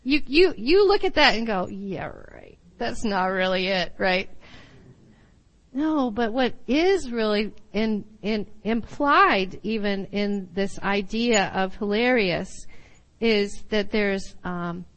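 A woman teaching a sermon, reading scripture aloud and then explaining it, with laughs and quick asides. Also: medium pitch, lively intonation, a bit bright, low-quality recording. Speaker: Bible teacher.

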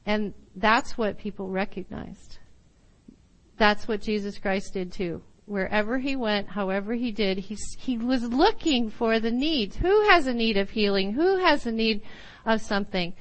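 A woman teaching a sermon, reading scripture aloud and then explaining it, with laughs and quick asides. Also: mid-range voice, low-quality recording. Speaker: Bible teacher.

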